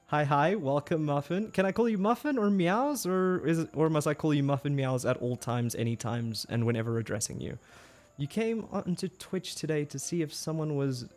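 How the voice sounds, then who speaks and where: A man live-streaming a game who chats with viewers, laughs often and stammers when he gets flustered. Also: on the high side. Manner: giggly, excitable, laughs often. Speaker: livestreamer. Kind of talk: casual live-stream chat, reading chat aloud.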